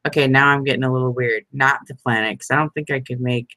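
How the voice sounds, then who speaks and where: A woman's voice: very deep voice, fairly even intonation, normal speed, pauses often, sharp tone, no echo, poor audio. A woman chatting casually to her viewers while making envelopes, laughing often and talking to them by name. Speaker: crafting vlogger. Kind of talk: casual crafting chat.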